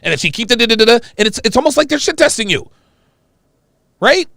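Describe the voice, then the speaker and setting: A man's voice: extremely high pitch, very animated, quick pace, gravelly, bright, forceful tone, no echo, clean studio sound. A man hosting a livestream, giving casual, profane reaction commentary and talking to viewers as "dude.". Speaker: livestream host reacting to a video.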